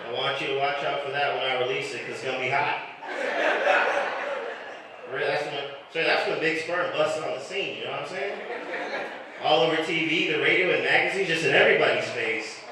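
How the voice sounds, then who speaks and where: A man doing a live stand-up set in a comedy club, crude and deadpan, chatting with the crowd. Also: a little high, a little fast. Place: comedy club stage, heard from afar. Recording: echoey room recorded from a distance. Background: audience noise.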